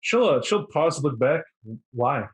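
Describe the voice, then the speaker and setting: A man's voice: medium pitch, animated, normal speed. A man running a tabletop game as game master, narrating in a loose, chatty way with many fillers.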